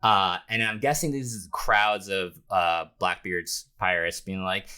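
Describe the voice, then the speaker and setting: A man's voice: deep voice, a little slow, clean tone. A man co-hosting a podcast, recapping a manga chapter casually, laughing often and acting out the characters' lines. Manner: animated, laughs often, acts out panel dialogue. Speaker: podcast co-host.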